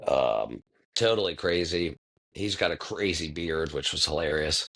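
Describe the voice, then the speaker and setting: A man's voice: a bass voice, a little slow, gravelly, a bit bright. A man in his thirties hosting a podcast, talking in a rambling, laid-back way, reflective and full of profanity. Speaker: podcast host. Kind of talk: casual monologue.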